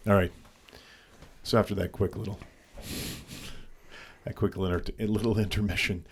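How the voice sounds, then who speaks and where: A man's voice: lowish voice, flat delivery, normal speed, background noise. A man co-hosting a podcast, telling a story casually and animatedly, with frequent swearing and restarts. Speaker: podcast co-host.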